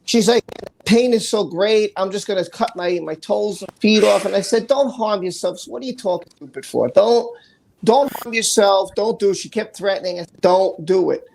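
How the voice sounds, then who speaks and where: A man's voice: high voice, brisk, vocal fry, darkish tone, a little hiss or hum, rough recording. A man hosting a live stream, telling a personal story in a candid, blunt way that is full of swearing. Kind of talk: casual live stream talk.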